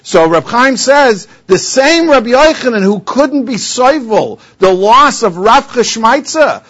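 A man's voice: very high voice, expressive, a little slow, fairly bright tone, dull audio. A man giving a Talmud lecture in English, explaining the text and telling its stories with many Hebrew and Aramaic terms. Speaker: Talmud teacher.

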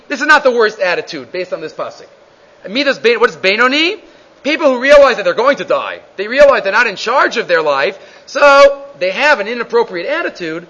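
The voice is extremely high and sharp-toned: a man teaching a Gemara shiur. He chants the Hebrew and Aramaic text sing-song style, then renders and explains it in English, frequently starting over, all captured in a dull, lo-fi recording.

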